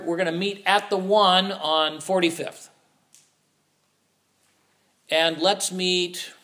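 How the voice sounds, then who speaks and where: Guy preaching a sermon, pretty high voice, animated, keeps asking the crowd questions. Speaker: pastor.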